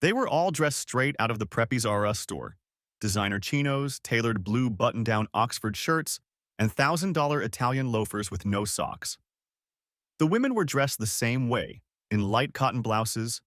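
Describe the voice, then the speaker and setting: A man narrating an audiobook story in an expressive storytelling read. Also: medium pitch, moderate pace, no echo, studio quality. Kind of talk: scripted narration.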